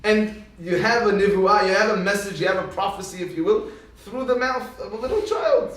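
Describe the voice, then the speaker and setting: A man with a high voice teaching a Torah lesson, heard from a distance in a very echoey room. He tells stories with energy and briefly acts out the people in them. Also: brisk. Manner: animated storyteller who acts out quoted speech. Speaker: rabbi. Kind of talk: Torah lecture. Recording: echoey hall, speaker far from mic.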